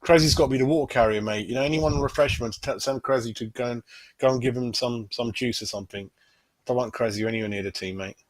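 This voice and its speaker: A man's voice: medium pitch, quick pace, dry recording. A man hosting a fan channel, chatting casually on a livestream, constantly saying "mate" and tossing in tag questions.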